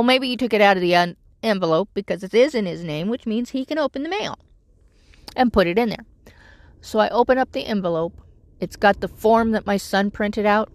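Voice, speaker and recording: A woman's voice: medium pitch, dry recording. A middle-aged woman vlogging casually, telling a rambling, exasperated story about her troubles. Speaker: vlogger living in her vehicle. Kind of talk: casual chat.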